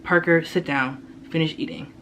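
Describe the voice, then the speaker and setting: A man's voice: fairly high pitch, steady tone, moderate pace, pushed and bright, slight background noise. A man reading aloud voices a fretful middle-aged small-town mother who presses with questions. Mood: stern.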